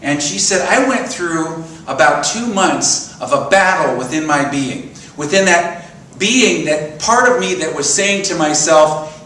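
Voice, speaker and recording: A man's voice: on the high side, normal speed, a little hiss or hum. Older man preaching in an echoey church. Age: 60s. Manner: storytelling, animated, asks congregation questions. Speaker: minister. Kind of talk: sermon. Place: church sanctuary. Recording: roomy echo from a distant mic.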